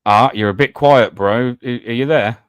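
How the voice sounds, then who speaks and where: A British man hosts a live online voice-chat panel, bantering casually and telling self-deprecating stories. His voice is medium in pitch with a moderate pace and a smooth quality, and there's no room sound.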